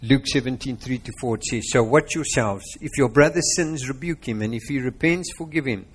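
A man's voice: mid-range voice, a little fast, slightly rough. A man with a South African accent preaching a sermon, quizzing his congregation and retelling a parable.

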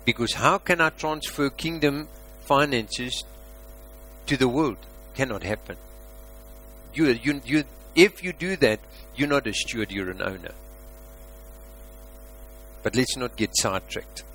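A man preaching a sermon as a pastor, asking rhetorical questions and swinging between loud emphasis and quiet asides. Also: medium pitch, expressive, measured pace, long pauses, a little hiss or hum, rough recording.

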